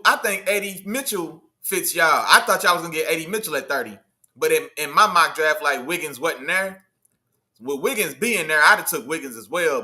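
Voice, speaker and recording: A high-pitched man hosts a casual sports livestream. He talks in loose slang and banters with his chat. His voice is very bright and forceful. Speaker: livestream host.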